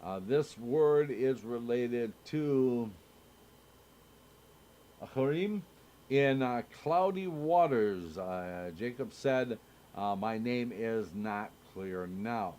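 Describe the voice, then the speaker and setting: A man teaching a Torah study, slowly reading verses and commentary aloud with frequent pauses and fillers. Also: mid-range voice, lively intonation, a little mellow. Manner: slow, halting reading with many filler sounds. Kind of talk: reading and explaining scripture. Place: synagogue.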